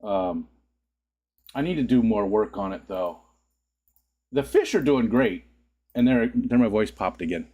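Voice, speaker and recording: A man hosts a casual livestream right after waking up, rambling along, chatting with viewers and greeting them by name. His voice is a little mellow, with a measured pace and frequent pauses, and it suddenly cracks into squeaks amid his laughter.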